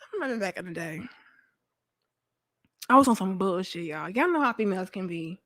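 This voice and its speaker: A woman's voice: mid-range voice, fairly quick. A young woman hosting a talk show, telling a candid, profane story to her viewers. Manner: animated, profane, talks to herself. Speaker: podcast host.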